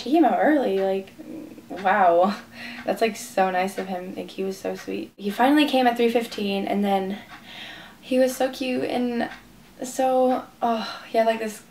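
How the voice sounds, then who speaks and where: A teenage girl telling a rambling, gushing story for her vlog, full of "like" fillers. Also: mid-range voice. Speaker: vlogger. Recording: distant mic with faint room noise.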